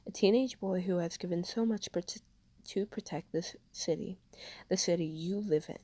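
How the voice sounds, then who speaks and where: A woman's voice: fairly low pitch, normal speed, mellow, no echo, natural voice. A woman voicing a grieving, fiercely protective middle-aged aunt, tearful and trembling with anger.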